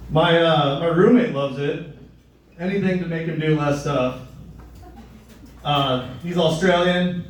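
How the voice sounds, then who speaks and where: A young man performing stand-up in a live venue, delivering crude, sardonic lines in a flat, deadpan way. His voice sits a little high, and it rings with heavy room echo, picked up from a distance. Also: a little slow, pauses often, slight background noise. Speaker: stand-up comedian. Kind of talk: stand-up comedy set. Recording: echoey room, mic at a distance.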